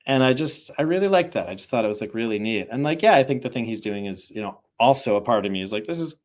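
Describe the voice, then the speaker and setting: A young man with a slightly low voice talks casually as a spiritual teacher. His delivery is loose and rambling, full of "like" and "you know" as he shares a story and draws a lesson from it. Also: animated, quick pace.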